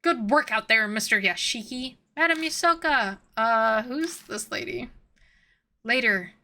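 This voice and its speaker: A woman streamer with a slightly high, expressive voice reads visual novel dialogue a little slowly while game music plays. In between, she giggles, reacts loudly, and swears freely in casual commentary.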